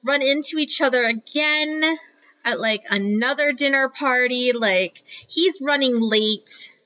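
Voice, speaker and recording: High bright woman with a Northeastern US accent. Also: unhurried. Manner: explanatory, amused. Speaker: podcast co-host. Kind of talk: casual chat. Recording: dull, slightly lo-fi sound.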